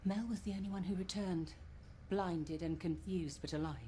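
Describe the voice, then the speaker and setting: Woman as a grave elf in a video game, lowish voice, measured, noise behind. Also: steady tone, mellow, lightly acted. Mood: solemn. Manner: solemn, measured storytelling. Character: grave elf woman telling a sad tale.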